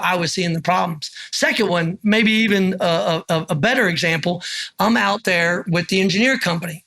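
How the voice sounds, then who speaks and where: A middle-aged man, a retired army officer, recalls his service in an oral history, acting out remembered dialogue as he tells his stories. His voice is high with a sharp tone.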